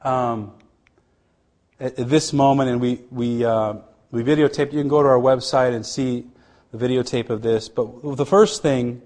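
A man's voice: medium pitch, fairly even intonation. Middle-aged man giving an earnest testimony. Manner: earnest, halting storytelling with many restarts; drops to a hush at tender moments. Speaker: missionary. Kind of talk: personal testimony.

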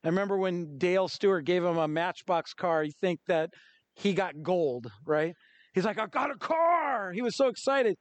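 A middle-aged man, a pastor, preaching a sermon with lively acted-out quotes and stories. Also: sits high, normal speed, dry recording.

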